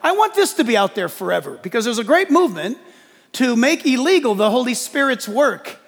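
A male pastor preaching a lively sermon in church, joking and acting out quotes as he goes. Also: very high voice, fairly quick, long reverb tail. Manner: animated preaching with jokes and acted-out quotes.

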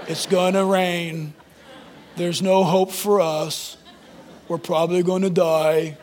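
A man's voice: high-pitched, little pitch movement, a little mellow, pitched below the performer's own voice. A man putting on Eeyore the gloomy donkey. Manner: slow, droning, defeated. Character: gloomy old male donkey, hopeless.

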